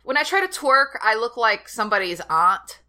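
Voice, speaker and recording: A woman's voice: a little high, moderate pace. A young woman co-hosting a podcast, telling funny stories in casual chat and laughing often. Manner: laughing storyteller, animated. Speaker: podcast co-host.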